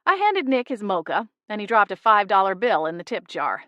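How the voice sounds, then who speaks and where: A woman narrating a first-person cozy mystery audiobook in a wry, lively storytelling manner, on a close studio mic. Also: medium pitch, a little fast, hardly any pauses, no echo, lo-fi sound.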